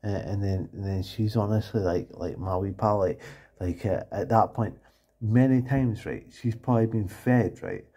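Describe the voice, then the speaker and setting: A Scottish man with a husky, low voice and a mellow, dark tone. He rambles through a casual monologue and keeps tagging his lines with "eh?" and "and that". His delivery is loose and meandering. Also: normal speed.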